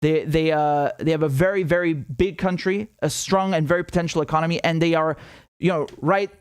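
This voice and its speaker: A steady, fairly high voice, quick, clear and resonant, comes from a young adult man recorded in studio quality with no room sound. He's an independent commentator hosting a live political stream, delivering heated, sarcastic, profane remarks, fumbling restarts and reading donation messages aloud.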